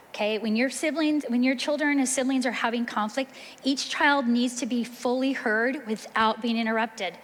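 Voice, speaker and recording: A middle-aged woman giving an earnest, conversational teaching talk to mothers at a church. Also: a little high. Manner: earnest, conversational, acts out quoted voices. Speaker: women's ministry speaker. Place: church hall. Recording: long reverb from a large hall.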